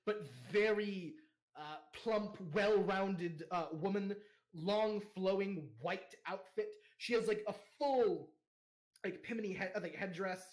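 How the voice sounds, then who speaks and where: A man's voice: high voice, slow pace. A young man narrating as game master, rambling with fillers and laughter.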